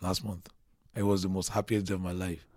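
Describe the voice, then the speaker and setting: A man in his thirties from Nigeria, a comedian guest telling his story in a casual, animated way with many restarts. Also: low-pitched, a little fast, no echo, clean studio sound. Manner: chatty and animated, restarts a lot, acts out quotes.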